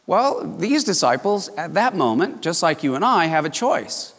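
A male pastor preaching a sermon, telling the story with animated exclamations and acting out the disciples' voices. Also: a little high, moderate pace, hardly any pauses, big-room sound.

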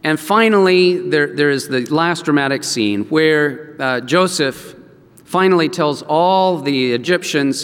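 A male preacher giving a sermon as an animated storyteller who acts out the quotes and chuckles along. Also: a little high, a little slow, clear, resonant tone. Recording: echoey hall.

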